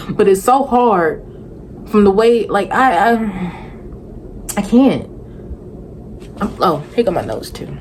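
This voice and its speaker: A woman's voice: medium pitch, a little hiss or hum. A young woman, recapping a reality show in a sassy, rambling, exasperated vlog to camera. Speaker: vlogger reviewing a reality show. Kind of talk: casual chatty recap.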